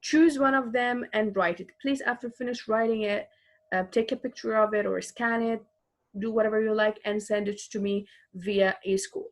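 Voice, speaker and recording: Speaking in a steady, mid-range voice, a woman teaches English in a prerecorded online session. Her explanations are slow and patient, with each example repeated and fillers coming up frequently.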